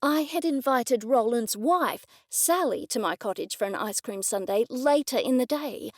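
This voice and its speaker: A woman's voice: a little high, lively intonation, moderate pace, no room sound, clean studio sound, natural voice. A woman narrator voicing an indignant middle-aged woman amateur sleuth who answers in a defensive, snappish way.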